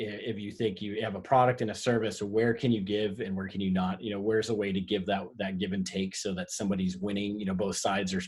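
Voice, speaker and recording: A man hosting and moderating a webinar over a video call, speaking conversationally with fillers and restarts. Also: lowish voice.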